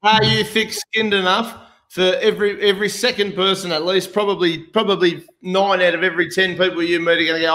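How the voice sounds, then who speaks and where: A man's voice: sits high, level tone, brisk, few pauses, pushed and bright, rough recording. An Australian man hosting a casual political chat, blunt and swearing freely, mocking his opponents. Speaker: host.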